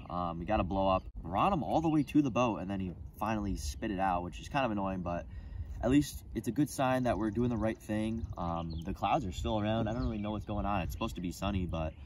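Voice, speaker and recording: A young man vlogging from a kayak on a lake, talking casually and getting frustrated or excited over his catches. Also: on the low side, a little hiss or hum. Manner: frustrated, excitable, swears mildly, says "bro". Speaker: fishing vlogger. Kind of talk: casual on-the-water vlog.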